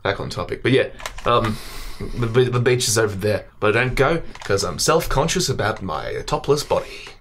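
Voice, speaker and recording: A man's voice: fairly low pitch, lively intonation, normal speed, fairly bright tone. Young Australian guy, self-mocking podcast co-host, laughs a lot, slight background hiss. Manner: joking, swearing, self-mocking, laughs often. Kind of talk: casual podcast chat.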